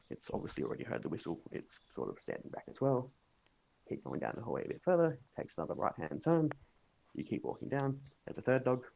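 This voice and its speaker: A man narrating a tabletop game as game master, in a relaxed, hedging way full of "sort of". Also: mid-range voice, creaky.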